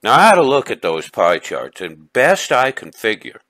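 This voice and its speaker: A man's voice: medium pitch, sing-song, moderate pace, sharp tone, no room sound. A man playing a brash, chatty middle-aged guy named Vinny, who leaves a rambling, stammering comedic voice message for a friend. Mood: boisterous. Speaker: caller leaving a message for a friend.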